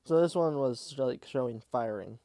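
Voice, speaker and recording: A man's voice: medium pitch, normal speed, mellow, dry recording. A man hosting a casual podcast, laughing often and steering the talk. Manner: giggly, leads the talk. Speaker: podcast host. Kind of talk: casual chat.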